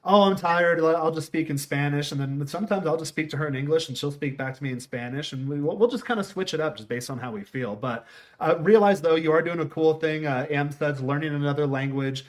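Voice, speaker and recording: A man's voice: a little high, quick pace, darkish tone. A middle-aged man from the United States, hosting a casual conversation and telling stories with a wandering, restart-filled delivery. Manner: rambling storyteller, quotes people in voices. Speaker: host.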